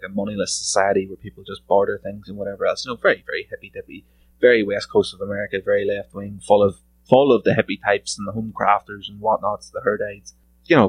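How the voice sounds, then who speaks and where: A man's voice: fairly low pitch, no echo, rough recording. A man hosting a solo podcast, ranting in a sarcastic, profane, mocking way. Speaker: podcast host.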